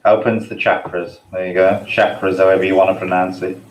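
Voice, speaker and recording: Wry low-voiced man in an echoey room. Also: little pitch movement, fairly quick. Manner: wry, joking asides. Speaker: podcast co-host. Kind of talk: casual chat.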